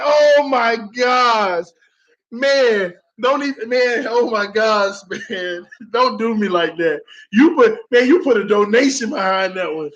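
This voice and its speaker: Man, very high voice, excitable, slangy, football reaction stream, dull lo-fi audio. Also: slow pace. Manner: excitable, slangy, dramatic groaning and laughing.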